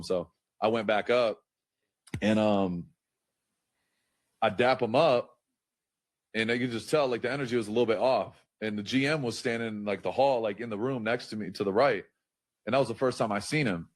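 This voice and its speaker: Deep-voiced man rambling through a story. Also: normal speed, long pauses, dry recording. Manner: rambling, lots of "like" and swearing. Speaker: interview guest, pro football player. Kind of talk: casual storytelling in an interview.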